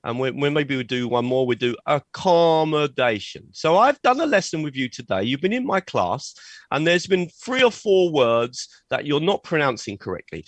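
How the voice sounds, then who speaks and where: Man, teacher trainer, live video-call demo, lively pitch, dry sound, energetic check-ins. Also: no room sound. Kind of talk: live online workshop demo. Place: at a computer sharing his screen.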